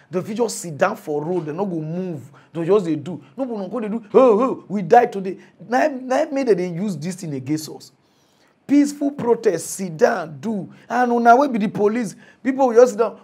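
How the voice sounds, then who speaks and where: Animated Nigerian Pidgin man. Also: high voice, husky. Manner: chatty, pleading, bursts into animated shouting. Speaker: mock news host. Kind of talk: comic mock news commentary.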